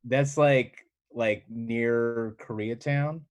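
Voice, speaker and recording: Man, comedian, video call, mid pitch, dry sound, halting hesitant talk. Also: steady tone, no echo. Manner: halting, hesitant, with frequent restarts. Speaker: stand-up comedian. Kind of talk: casual chat over a video call.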